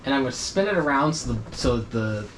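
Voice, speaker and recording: A man's voice: mid-range voice, animated, a little fast, distant mic. A man playing a tabletop game, playfully describing what his character does. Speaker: player. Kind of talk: casual chat in a tabletop game. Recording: echoey room with faint noise.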